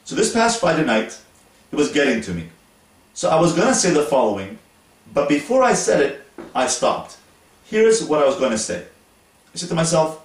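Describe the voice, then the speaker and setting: Slow, deliberate male host. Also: fairly high pitch, sing-song. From Montreal, Canada. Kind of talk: instructional talk to camera. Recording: roomy echo, voice from a distance.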